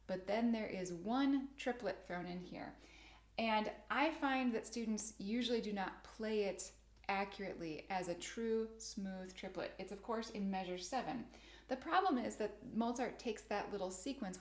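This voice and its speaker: A middle-aged woman piano teacher explaining teaching methods in a clear, methodical way, sometimes chanting rhythm words. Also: mid-range voice, darkish tone. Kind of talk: instructional video for teachers. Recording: roomy echo.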